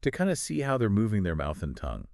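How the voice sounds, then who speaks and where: A man co-hosting a podcast, talking in a relaxed conversational way and summing up points. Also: on the low side, quick pace, creaky, no room sound, studio quality. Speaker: podcast co-host. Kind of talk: casual chat about pronunciation.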